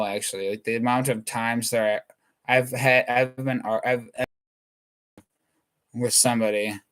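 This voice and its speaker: A comedian with a mid-pitched, slightly bright voice delivers a rambling comedic monologue. His manner is scattered, and he keeps interrupting himself and restarting thoughts mid-sentence.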